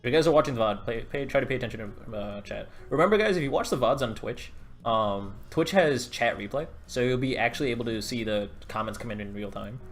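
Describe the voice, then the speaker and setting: A man chats through a live game stream, coaching viewers in a loose, rambling way full of "like" and "um". His voice sits at an ordinary middle pitch. Faint music plays behind him. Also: fast. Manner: chatty, rambling, filler-heavy. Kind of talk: casual livestream commentary.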